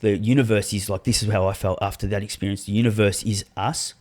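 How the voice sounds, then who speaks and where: A man's voice: on the low side, fairly even intonation. A man telling a personal story as a podcast guest, earnest and full of swearing. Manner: earnest, heavy swearing, drawn-out soft delivery. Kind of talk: casual storytelling interview.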